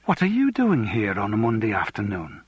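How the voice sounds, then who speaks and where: A man's voice: lowish voice, huge pitch swings, normal speed, breathy edge, no room sound, highs cut off, full character voice. A man reading an audiobook, voicing a fond, dry-witted wife.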